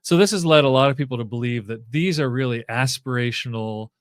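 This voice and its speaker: A man's voice: medium pitch, a little fast, no room sound, studio quality. A man speaking as a guest professor in a casual interview, thinking aloud with frequent fillers and restarts.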